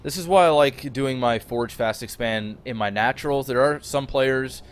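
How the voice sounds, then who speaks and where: Chill guy co-casting, mid voice, talks strategy slow and easy. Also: mid-range voice, smooth. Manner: laid-back, analytical, with fillers. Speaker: game commentator. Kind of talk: casual esports commentary.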